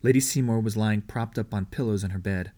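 A man narrating a historical novel as an audiobook reader, steady and measured. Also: fairly low pitch.

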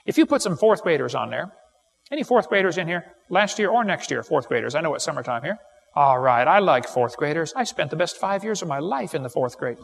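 A middle-aged man giving a live seminar lecture, telling folksy stories and firing off quick jokes to a live audience. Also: on the high side, sing-song, creaky. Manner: folksy, wisecracking, quick storytelling with punchlines. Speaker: creation seminar speaker. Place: large hall with live audience. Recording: live recording in a reverberant hall.

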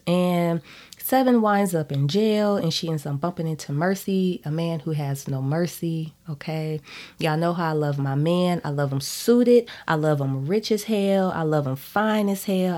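A woman's voice: lowish voice, a little mellow. A woman author and podcast host talking casually to her listeners, frank and emphatic, often checking in with "okay?".

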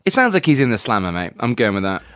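Animated, teasing male podcast co-host. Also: on the low side, dry recording, clean studio sound. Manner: teasing, jokey, quick asides. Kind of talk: casual book-club chat.

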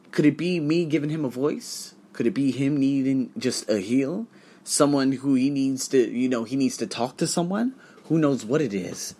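Man, mid pitch, self-help vlogger: earnest, rambling, shifts between quiet reflection and emphatic outbursts. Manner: earnest, rambling, swings from hushed to emphatic with some swearing.

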